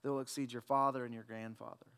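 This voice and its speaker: A man voicing God as a gentle male divine voice, speaking in a soft, hushed, low tone that is calm and tender. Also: fast talker, smooth, lightly acted.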